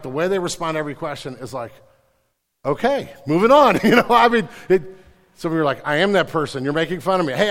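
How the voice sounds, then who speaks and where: A man preaching a sermon as pastor, animated, stammering into restarts and mimicking the people he describes. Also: sits high, big-room sound.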